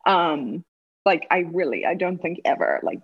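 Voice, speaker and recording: A woman's voice: on the low side, lively intonation, moderate pace, slightly rough, highs cut off. A woman of about thirty from South Africa, with a South African accent now tinged with a Southern US twang, chatting in an interview and laughing often. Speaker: interview guest, former college runner. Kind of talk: casual interview chat.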